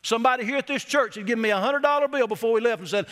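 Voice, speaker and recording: A middle-aged man preaches in a church, telling folksy stories and slowing down to stress his key words. His voice sits high and rings bright and forceful. The sound carries a long reverb from the hall. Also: animated. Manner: folksy storytelling preacher, emphatic slowed phrases. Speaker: pastor. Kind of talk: sermon. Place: church sanctuary.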